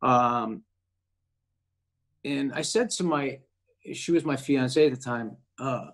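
A man appearing as an actor guest relays a personal anecdote in relaxed talk, animatedly acting out the voices of those he quotes. His pitch is medium and his pace slow.

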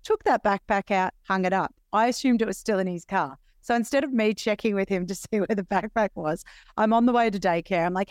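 A woman's voice: medium pitch, brisk, no room sound, studio quality. A woman in her thirties with an Australian accent, co-hosting a casual parenting podcast in a chatty, wry way and laughing easily. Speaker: podcast co-host. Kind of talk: casual chat.

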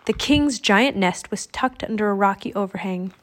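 A woman reading a children's adventure book aloud in a steady storytelling manner. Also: mid-range voice, moderate pace. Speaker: audiobook reader.

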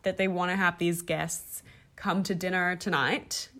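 A young woman co-hosting a podcast, chatting excitedly and gossiping about reality television, swearing freely. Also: fairly low pitch, unhurried. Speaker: podcast co-host. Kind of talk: casual chat.

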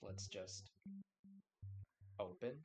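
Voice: deep voice, steady tone, extremely slow, over music. A podcast co-host in casual chat, wry and laid-back, swearing casually and reading out listener mail.

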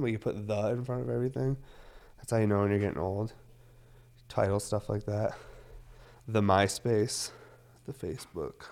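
Guy in his 30s rambling on camera, lots of likes and swearing, lowish voice. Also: steady tone, fairly quick, a little mellow. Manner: loose, rambling, heavy on fillers, swears often. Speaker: cannabis vlogger. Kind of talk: casual rambling monologue.

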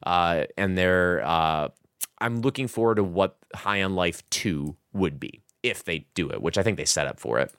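Rambling low-voiced man, dry sound. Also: moderate pace, fairly bright tone, clean tone, no echo. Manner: rambling, heavy use of "like" and "um". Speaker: podcast host reviewing a video game. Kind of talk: casual chat.

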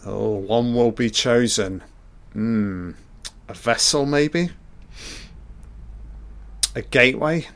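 A man's voice: mid-range voice, takes it slowly, vocal fry, long pauses. A man giving a casual, sweary commentary on a film, muttering his reactions as he watches. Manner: relaxed, sweary, muttering asides.

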